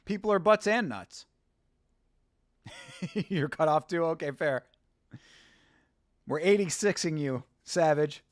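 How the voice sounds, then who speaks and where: Young guy streaming a fight watch-along, kinda high voice, dry close mic, talks to chat a lot. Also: slow, long pauses, no echo. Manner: chatty, reacting to chat, swears casually. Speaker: livestream host.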